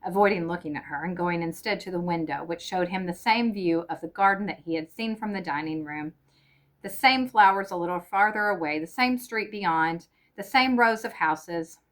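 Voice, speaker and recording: A woman narrating a short story in a measured, even audiobook reading. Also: on the low side.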